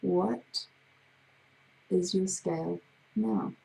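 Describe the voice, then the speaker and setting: Gravelly woman talking you through a breathing exercise, slow and soothing, low mellow voice. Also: very animated, low-quality recording. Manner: slow, soothing, drawn-out guidance. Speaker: hypnotherapist.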